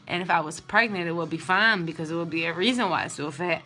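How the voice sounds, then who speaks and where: Chatty woman with a bright voice. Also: on the low side, a little fast, few pauses. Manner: chatty, candid and emotional. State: drained and low on energy. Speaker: vlogger sharing IVF updates. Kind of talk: casual vlog.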